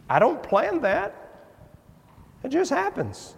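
A preacher with a slightly high voice delivers an earnest, folksy sermon. His words ring out with a long reverb through a church sanctuary. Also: expressive, moderate pace.

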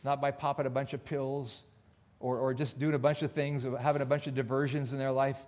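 A male pastor preaching a sermon, earnest and personal, dropping almost to a whisper on soft points. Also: medium pitch, flat delivery, fairly quick. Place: church.

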